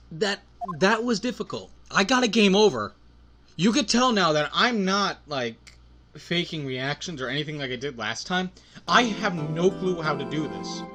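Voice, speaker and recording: A man giving rambling, joking commentary while playing a game, over game music. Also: fairly high pitch. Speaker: gameplay host. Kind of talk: casual gameplay commentary.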